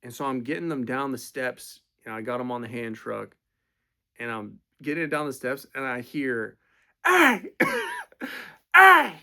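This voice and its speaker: A man's voice: medium pitch, normal speed, creaky, fairly bright tone. A man telling casual, profane, rambling stories, full of fillers. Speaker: storyteller. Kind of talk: casual storytelling.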